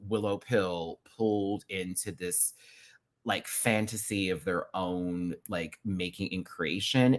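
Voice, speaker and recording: A man reviewing a reality show in an excited, casual rant, full of slang and profanity, jumping between loud outbursts and low asides. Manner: playful drag slang, profanity.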